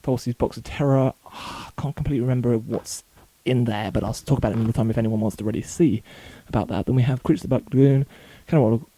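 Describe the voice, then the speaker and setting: A man talking casually in his bedroom for a home vlog, rattling off a long list quickly, with small slips and corrections along the way. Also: mid-range voice, dark tone, dry recording. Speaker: video blogger.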